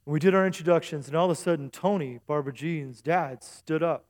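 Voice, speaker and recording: A pastor with a voice on the high side and a darkish tone preaches briskly to his congregation during a church service. He's chatty and jokey, often calling out to the crowd for an "amen".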